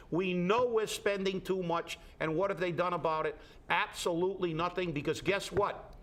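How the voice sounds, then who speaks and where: A man's voice: fairly high pitch, a bit bright. A man with a New England accent giving blunt, emphatic opinions on local politics in a talk show discussion. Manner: blunt, emphatic, repeats words when restarting.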